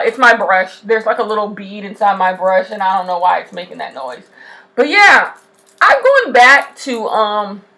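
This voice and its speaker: A woman with a high voice hosts a casual chat podcast. She talks while doing her makeup and pushes her points with emphatic repetition, preaching about hard work. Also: pushed and bright, low-quality recording. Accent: loud regional accent. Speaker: podcast host.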